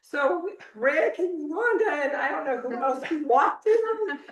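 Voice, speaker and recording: A woman on a school board telling a story about a colleague in a rambling, animated way, her voice affected by allergies. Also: sits high, measured pace. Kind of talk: spoken tribute at a board meeting. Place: meeting room in a school. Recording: roomy sound from a distant mic.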